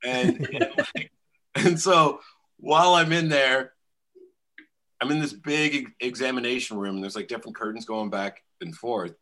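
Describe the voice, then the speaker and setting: A man's voice: medium pitch, normal speed, sharp tone. A man in his thirties telling a profane story in a casual chat, laughing often. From Canada.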